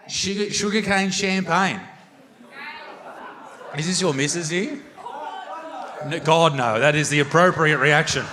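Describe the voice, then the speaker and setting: A young Australian man doing stand-up comedy, bantering crudely with the audience on a theatre stage into a handheld mic. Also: high voice. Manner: brash, crude banter with the crowd. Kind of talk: stand-up crowd work. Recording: live hall reverb with audience noise.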